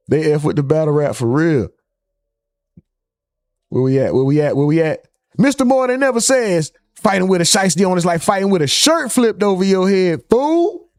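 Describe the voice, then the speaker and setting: A man's voice: sits high, darkish tone, dry recording, studio quality. A man hosting a live stream, casually reading out chat comments and joking with viewers. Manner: loose, joking, reads chat names aloud.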